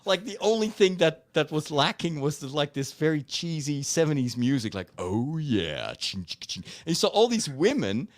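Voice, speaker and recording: A priest hosting a casual chat, telling a story animatedly with laughs and restarts. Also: male voice, on the high side, sing-song, brisk, hardly any pauses, no room sound. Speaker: priest and host.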